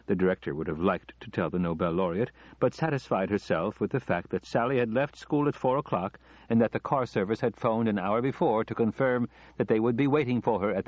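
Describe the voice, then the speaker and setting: A man narrating an audiobook story in a measured, even storytelling manner. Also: on the low side, no echo. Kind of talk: scripted narration. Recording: slightly dull lo-fi recording.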